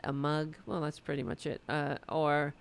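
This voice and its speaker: A woman from the United States hosting a political livestream, chatting loosely and swearing, her voice going hoarse. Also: deep voice, level tone, moderate pace. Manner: loose, profane, rambling. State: losing her voice. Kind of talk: casual livestream chat.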